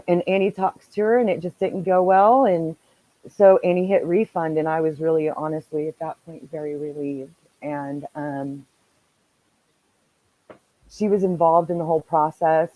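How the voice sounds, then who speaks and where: A woman podcast host tells a story in relaxed, casual chat. Her voice sits fairly low. She is animated and swears freely. The sound is close and dry, with no room echo. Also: measured pace.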